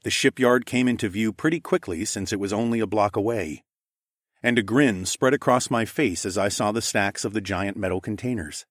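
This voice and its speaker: A man narrates a first-person adventure story in a low, steady voice. He keeps an even storytelling pace, recorded close and dry. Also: moderate pace, no echo. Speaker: audiobook narrator.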